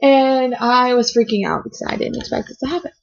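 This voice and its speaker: Talking a little fast in a fairly high, creaky voice, a vlogger gushes excitedly about a TV episode, rambling and trailing off as thoughts tumble out. It's an emotional fan reaction filmed at home, with dull, lo-fi webcam-mic audio and a noisy background.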